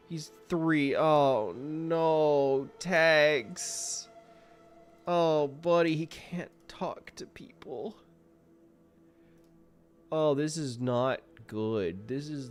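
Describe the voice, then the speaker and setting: A man streaming live gameplay commentary, excitable and self-mocking, exasperated at his own character. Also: a little high, slow, soft background music.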